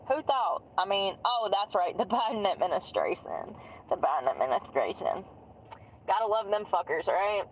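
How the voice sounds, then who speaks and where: A woman's voice: on the low side, a little hiss or hum, rough recording. Woman ranting from a car. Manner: ranting, sarcastic, profane. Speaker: vlogger. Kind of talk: ranting vlog.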